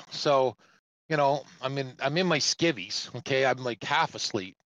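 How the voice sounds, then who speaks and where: A man's voice: medium pitch, moderate pace, fairly bright tone, no echo, muffled recording. A middle-aged man, a truck driver, telling a rambling story in a casual way and acting out the other people's voices. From Canada.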